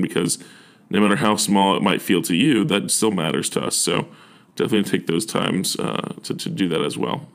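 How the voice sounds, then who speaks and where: A man's voice: low voice, moderate pace, creaky. A young man working as a university admissions officer, giving earnest, encouraging advice in a casual talk, with frequent fillers and restarts.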